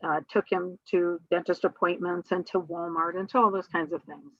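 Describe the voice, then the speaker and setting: Low-voiced woman telling a personal story. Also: steady tone, normal speed, dry recording, lo-fi sound. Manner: rambling, many fillers and restarts. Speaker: guest.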